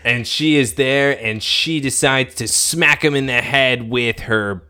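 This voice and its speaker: A man's voice: mid-range voice, measured pace, bright, forceful tone, clear, resonant tone. A man co-hosting a casual recap chat with wry reactions and jokes. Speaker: podcast co-host.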